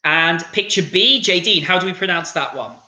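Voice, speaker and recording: An upbeat man leads an online English lesson over a video call, his fairly high voice bright and forward. He keeps things encouraging and stretches out words slowly to model them. The sound carries a noticeable echo from the room around him. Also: lo-fi sound. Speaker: English teacher.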